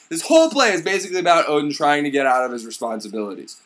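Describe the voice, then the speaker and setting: A young man retelling a myth as crude, rambling comedy, bursting into excited shouts. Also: fairly high pitch, very fast, hardly any pauses. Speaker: comedic storyteller.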